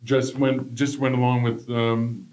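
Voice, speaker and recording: A man hosting a talk show in casual chat with a guest, playful and quick to laugh. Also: medium pitch, little pitch movement, darkish tone, a little hiss or hum. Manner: playful, laughs often, jokes. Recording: roomy studio echo.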